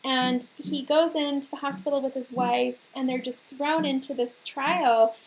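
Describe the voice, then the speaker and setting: A woman with a high, bright-toned voice hosts a faith livestream. She tells her viewers a story in an earnest, animated way and leans on repeated phrases for emphasis. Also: unhurried.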